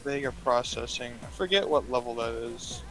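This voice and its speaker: A man's voice: medium pitch, normal speed, a bit bright, faint music behind, poor audio. A sleepy man in casual gaming chat, explaining game mechanics to his co-host with lots of ums and restarts.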